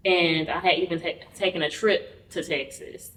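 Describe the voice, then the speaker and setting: A woman guest telling a personal story in an interview. She talks candidly and acts out the quoted dialogue with lively energy. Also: on the low side, moderate pace, a little hiss or hum. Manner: candid, conversational. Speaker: podcast guest. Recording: roomy, mic at a distance.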